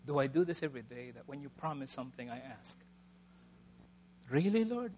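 A middle-aged man preaching a sermon in a conversational way, swinging between loud emphasis and soft asides. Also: medium pitch, fairly even intonation, fast talker, slight background noise.

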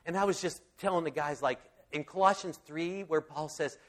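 A man's voice: on the high side, moderate pace. A man giving a casual, rambling Bible talk, enthusiastic and full of fillers and restarts. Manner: enthusiastic storyteller.

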